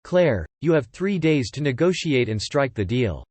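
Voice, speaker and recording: A man voicing a calm older matriarch in an audiobook, speaking in a calm, dismissive way. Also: mid-range voice, moderate pace, dry recording.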